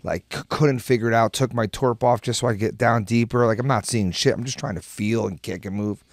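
A man, a podcast guest telling stories in casual chat, animated and swearing freely as he acts out what people said. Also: mid-range voice, fairly quick, dry recording, clean studio sound.

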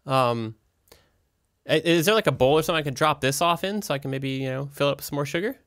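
A man's voice: on the high side, quick pace, fairly bright tone. A man playing a tabletop role-playing game, hesitant and polite, chuckling between lines. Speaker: player.

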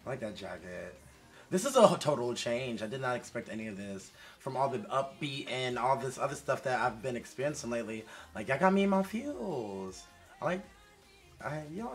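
Animated man reacting loudly to a music video. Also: mid-range voice, moderate pace. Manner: animated, talks straight to viewers, shifts between loud excitement and quiet mumbling. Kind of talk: casual reaction commentary.

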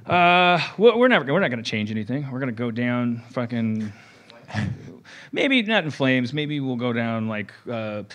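A man hosting a podcast, talking in a rambling, animated way, restarting sentences and swearing. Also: medium pitch, normal speed. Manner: rambling, restarts often, swears, acts out quotes. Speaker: podcast host. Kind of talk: rambling comedic podcast talk.

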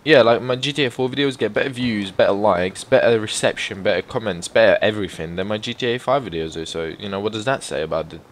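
A man giving casual gameplay commentary, excitable and swearing often, breaking into loud exclamations and rambling asides to his viewers. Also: on the low side, fast talker, few pauses, noisy background. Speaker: gaming YouTuber.

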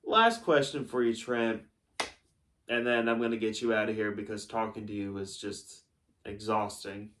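A man's voice: lowish voice, normal speed, fairly bright tone, recorded from a distance. A man hosting a mock sports interview, firing mock-serious, accusatory questions. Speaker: host, interviewer.

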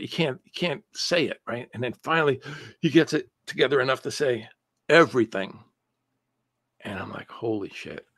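A man speaking as an interview guest, recounting a personal story in a loose, chatty way. He is animated and often restarts his sentences mid-thought. His voice sits at a middling pitch and sounds dry, with no room echo.

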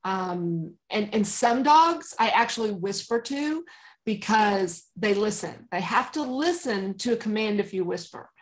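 A woman dog trainer speaking as an interview guest, calm and emphatic, often laughing and acting out commands she gives to dogs. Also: mid-range voice, a little slow. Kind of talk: conversational interview.

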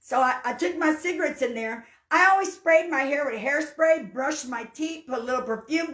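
A woman with a high voice tells her testimony in a folksy, down-to-earth way, now and then rising into fervent praise. She preaches to listeners, and her voice rings in an echoey room. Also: normal speed, hardly any pauses. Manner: fervent, breaks into shouts of hallelujah; folksy storyteller. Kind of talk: spoken testimony and sermon.

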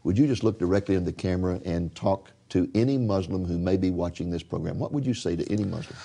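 A man's voice: low-pitched, fast talker, gravelly, dark tone, slightly rough. An older man hosting a religious TV interview, telling stories to viewers in a folksy, preacher-like way. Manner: folksy preacher-style storytelling. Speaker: TV program host.

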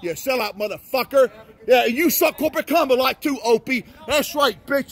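A man in a car shouting a profane, angry rant at police. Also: very high voice, brisk, slightly rough. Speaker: vlogger. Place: in a car driving by.

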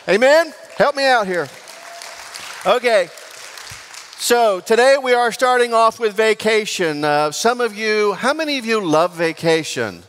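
A man, preaching a lively sermon full of jokes and questions to the congregation in a large church. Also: high voice, takes it slowly, long pauses, a faint crowd. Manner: lively and joking, asks the congregation for responses. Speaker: pastor. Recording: long church reverb.

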